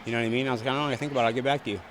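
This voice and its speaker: A man's voice: medium pitch, fairly even intonation, racing, slight background noise. A young man, a fighter, answering reporters after a bout in a blunt, profane, repetitive way. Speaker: fighter at post-fight press scrum. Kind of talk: post-fight interview answers. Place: arena backstage press area.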